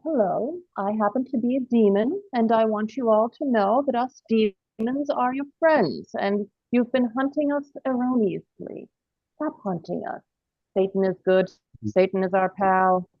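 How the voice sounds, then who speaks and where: A woman voicing a friendly demon who pleads earnestly and calmly, on dull, dry lo-fi audio. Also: a little high, unhurried, no room sound.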